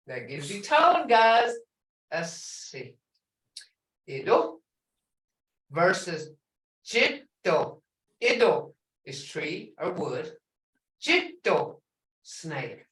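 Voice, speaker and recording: A woman leads a language lesson at an unhurried pace, with a lively, rising and falling voice. She sounds far from the mic in an echoey room, repeating words and coaxing students to answer. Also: on the high side. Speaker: language teacher.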